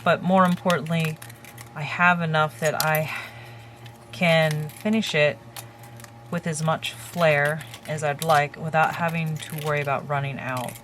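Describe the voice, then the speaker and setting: A woman hosting a crafting tutorial, calmly talking through each step while she works with her hands. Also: sits low, a little hiss or hum. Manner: calm, unhurried, talks while working with her hands.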